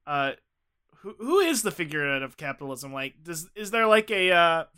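Giggly bright-voiced man joking around. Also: fairly high pitch, very animated, normal speed, clean tone. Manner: giggly, rambling, ironic. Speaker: podcast co-host. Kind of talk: casual comedic chat.

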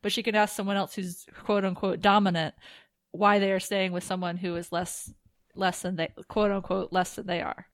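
A woman's voice: mid-range voice, level tone, moderate pace, dry recording. A woman co-hosting a podcast, recapping a TV episode in casual chat full of jokes and fillers. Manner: chatty, joking, full of fillers. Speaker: podcast co-host.

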